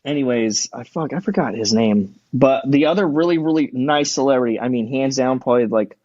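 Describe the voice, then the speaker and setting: A man's voice: medium pitch, a little fast, darkish tone, no room sound, muffled recording. A man in his thirties, a podcast guest, telling stories in casual chat, acting out quotes and swearing a lot.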